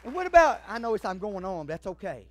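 A man's voice: high-pitched, sing-song, fast, a little hiss or hum. A man preaching a sermon as pastor, fervent and emphatic, speaking straight to his congregation. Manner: addresses the congregation directly.

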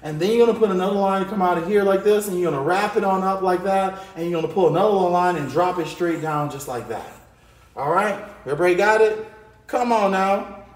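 A man leads a children's drawing lesson with a bright, high-pitched voice, full of playful hype and call-outs to the kids. He drops in little sound effects as he draws. The room around him rings with echo. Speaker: art teacher. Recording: echoey room.

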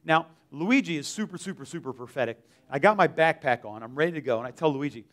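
Man, fairly high voice, church testimony, casual storytelling, filler-heavy, rambling. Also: expressive, fast, hardly any pauses, fairly bright tone. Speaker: mission trip team member giving testimony. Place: church service.

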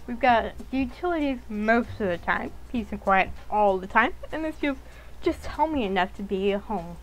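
A woman's voice: mid-range voice, lively intonation, normal speed, lightly acted, poor audio. A woman voicing a young female grifter supervillain, reading her lines from a visual novel aloud with wry, self-deprecating asides.

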